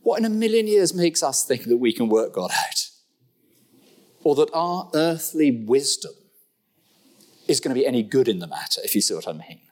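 Lively humorous male preacher. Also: normal speed, long pauses. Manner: lively, humorous asides and sudden pitch jumps. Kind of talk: sermon. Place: church.

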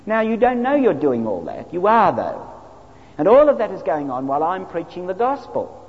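A man from Australia, a clergyman, giving an animated, wry, anecdotal training talk to a group. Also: sits high, moderate pace. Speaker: clergyman teaching evangelism training. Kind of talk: lecture-style talk to a group. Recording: dull lo-fi recording in a reverberant hall.

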